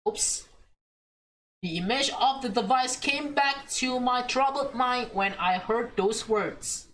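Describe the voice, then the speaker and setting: Reading a visual novel out loud at a slow pace, a young woman let's play streamer chats and reacts emotionally throughout. She has a fairly high, fairly bright voice. The audio quality is poor.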